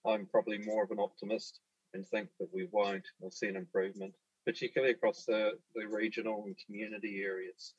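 A man who is a guest on a talk radio panel, with a low voice. He chooses his words carefully, pausing between phrases. The audio is dull and a bit distant from the mic. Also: flat delivery, dry recording. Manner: deliberate and careful, halting with pauses.

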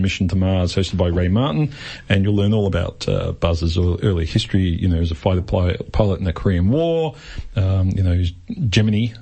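A man's voice: fairly low pitch, darkish tone. A man with an Australian accent hosting a community radio show, chatting and joking casually with guests and listeners between fillers. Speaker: radio host.

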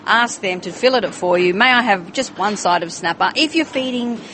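A woman's voice: medium pitch, animated, fairly quick, a bit bright, slight background noise, poor audio. A woman chef explaining a dish in a friendly, casual way in a restaurant kitchen. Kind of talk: casual cooking demonstration.

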